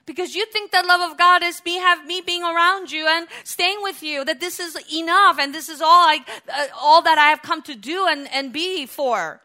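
A woman delivers a sermon in a high, bright voice. She drops low and quiet for reflective stretches, then rises loud and emphatic. She plays out the quoted words dramatically. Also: normal speed, hardly any pauses. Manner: dramatically acts out quoted lines. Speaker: preacher.

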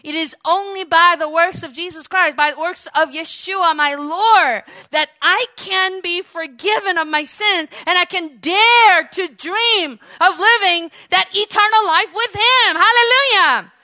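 A woman delivers a fervent sermon in a high voice. She swells to loud exclamations of praise and calls on the congregation to repeat after her. Her tone is bright and ringing. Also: a little slow, few pauses. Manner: fervent, building to loud cries of hallelujah; leads the congregation in call-and-response. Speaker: preacher.

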